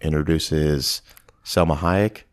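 Low-voiced man co-hosting a movie podcast. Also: slow. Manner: animated retelling, acts out quoted lines. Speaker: podcast co-host. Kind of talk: casual movie podcast chat.

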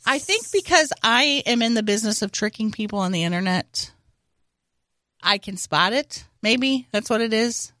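A woman's voice: on the high side, expressive, moderate pace, fairly bright tone, no echo, clean studio sound. A woman co-hosting a casual comedy podcast, wry and analytical. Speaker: podcast co-host. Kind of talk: casual chat.

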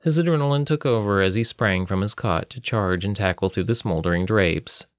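Low-voiced male storyteller. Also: no echo, studio quality. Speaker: narrator. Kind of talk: storybook narration.

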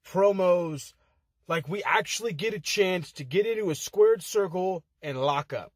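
Raspy, high-voiced man trash-talking a rival in a wrestling promo, heated and profane; dead-dry car recording. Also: measured pace, no room sound. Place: inside a car.

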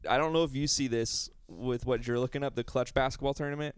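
A man co-hosting a podcast in a casual chat, talkative and explaining things quickly. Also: mid-range voice, steady tone, smooth. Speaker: podcast co-host. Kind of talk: casual chat about basketball.

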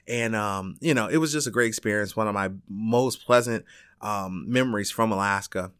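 A man's voice: normal speed, clear, resonant tone, no echo, clean studio sound. A man from Chicago, a teacher, telling a personal story in casual talk, full of fillers, restarts and the odd swear word. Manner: rambling and animated, with frequent fillers, restarts and swearing; acts out other people's lines with big jumps in pitch.

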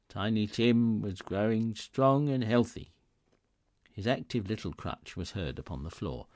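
A man giving an expressive, theatrical reading of a classic novel as narrator. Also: fairly low pitch, no room sound, studio quality.

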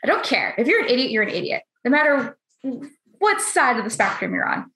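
A woman's voice: fairly high pitch, sing-song, fairly quick, pushed and bright. A blunt, candid woman in casual conversation, hungover, who swears freely and acts out what other people said. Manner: acts out others' lines in quoted voices. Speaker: roundtable guest. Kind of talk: casual chat. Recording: roomy echo.

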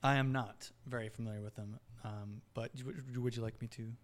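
A man in casual podcast banter with his wife, joking and teasing with a mid-pitched voice. He laughs easily and keeps the talk loose. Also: steady tone, fairly quick. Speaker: podcast co-host. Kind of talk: casual chat.

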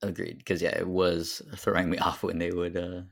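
Low gravelly-voiced man discussing films. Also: completely flat delivery, normal speed. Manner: thoughtful, hesitant, many fillers. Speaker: podcast co-host. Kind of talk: casual film discussion.

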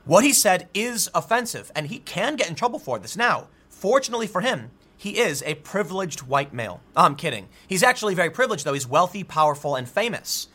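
A man hosting an opinion commentary, reading out articles and reacting with animated asides and frequent restarts. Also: high-pitched, brisk, hardly any pauses, breathy edge. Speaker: political commentary host.

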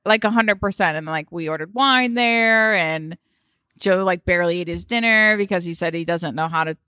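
A woman co-hosting a podcast, chatting casually and telling stories in an animated, chatty way. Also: fairly low pitch, normal speed, clean tone, dry recording, studio quality. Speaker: podcast co-host. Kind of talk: casual chat.

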